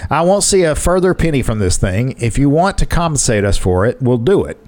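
Guy reading an article out loud on a podcast, pitch jumps all over, cracks jokes. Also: sing-song, a little fast. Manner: reads quotes with joking asides, laughs often. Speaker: podcast co-host. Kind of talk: casual chat, reading an article aloud.

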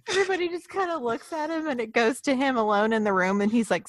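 A woman's voice: a little high, brisk, a little hiss or hum. A woman co-hosting a podcast, energetically quoting sitcom lines in casual chat. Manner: lively, quotes lines with energy. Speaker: podcast co-host.

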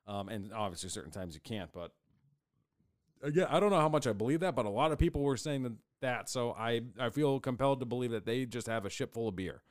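A man's voice: mid-range voice, lively intonation, fast, no room sound, studio quality. A man co-hosting a podcast, rambling casually with frequent fillers and swearing. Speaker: podcast co-host. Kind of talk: casual chat.

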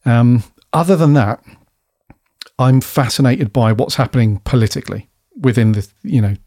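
A man's voice: mid-range voice, moderate pace, warm tone. A man in easygoing podcast conversation, talking through a TV episode in a loose, rambling way. He swears casually and laughs along as he goes. His voice sits close and dry, with no room echo around it. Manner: laid-back and chatty, swears freely, laughs often. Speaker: podcast co-host reviewing a TV episode. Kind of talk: casual chat.

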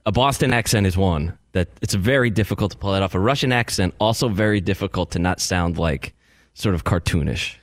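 Lower-voiced male co-host, dry humor, close dry mic. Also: a little fast, dry recording. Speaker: radio show co-host. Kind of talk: casual radio talk.

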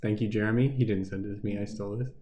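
A man's voice: fairly low pitch, steady tone, very fast, dark tone, slight background noise. A man hosting a casual chat who rambles through stories and trails off into mumbles.

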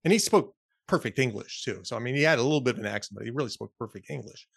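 A man's voice: medium pitch, racing, creaky, husky, dry recording, clean studio sound. A middle-aged man co-hosting a podcast, telling a story in casual chat and laughing often. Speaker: podcast co-host.

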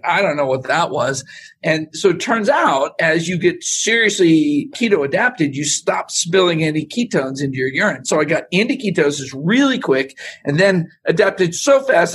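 A man talking as a podcast guest, telling stories in a lively way and acting out what people said. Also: on the high side, a little hiss or hum. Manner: animated storyteller, acts out quotes. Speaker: podcast guest, supplement scientist. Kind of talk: casual interview chat.

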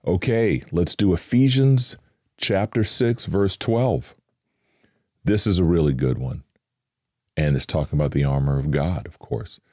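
A man's voice: deep voice, measured pace, a little mellow, no room sound, clean studio sound. A man hosting a Christian podcast, giving informal, earnest devotional teaching with emphatic asides and acted-out worried inner voices.

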